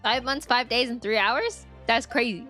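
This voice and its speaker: A woman streaming a game, chatting excitably with her viewers, her voice tired and worn. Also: on the high side, moderate pace, soft background music. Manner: excitable, chatty with chat, self-mocking. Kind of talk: casual chat while gaming.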